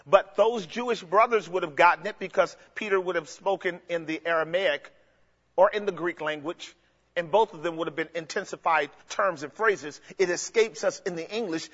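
A man's voice: sits high, fairly bright tone. A man preaching an expository sermon, explaining the text emphatically and addressing the congregation directly. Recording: dull lo-fi recording with long hall reverb.

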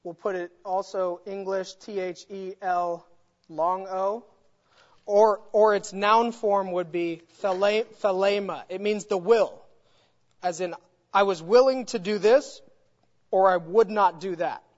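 An adult Bible teacher gives an expository lesson at a mid pitch, stressing key words and building each point through repetition. The voice rings with a long hall echo. The sound is dull and lo-fi. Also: fairly even intonation, slow.

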